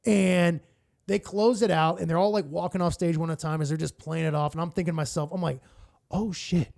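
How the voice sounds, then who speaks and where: A man who co-hosts a morning radio show, a guest telling animated, profane stories and acting out quotes in casual chat. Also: a little high, quick pace, vocal fry. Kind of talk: casual storytelling.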